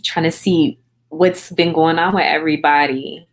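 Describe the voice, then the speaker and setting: A woman's voice: low voice, fairly even intonation, moderate pace. A woman in her thirties with an American accent, casually chatting with viewers on a livestream, greeting them by name and answering their comments. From grew up in England on a US military base. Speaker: livestream host.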